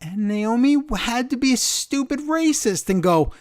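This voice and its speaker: A man hosting a wrestling podcast, recapping the show in an animated way and acting out quotes. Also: extremely high pitch, a little slow, clear, resonant tone. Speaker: podcast host. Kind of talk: casual chat recapping wrestling.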